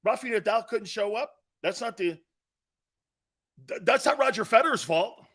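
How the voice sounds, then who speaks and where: Male sports show host, combative rant, high bright voice that swings all over the place. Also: animated, moderate pace. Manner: blunt, combative, mocking imitations of others. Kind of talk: opinionated sports radio rant.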